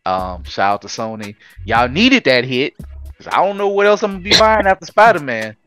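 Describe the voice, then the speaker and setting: A man co-hosting a casual podcast chat, animated and slangy. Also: medium pitch, moderate pace, smooth, soft background music. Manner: animated, slangy, does playful voices. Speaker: podcast co-host.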